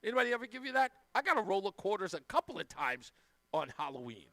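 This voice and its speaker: A man's voice: high voice, sing-song, fast, bright, forceful tone, dry recording. A man hosting a live radio talk show, chatting casually and effusively thanking donors. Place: radio studio.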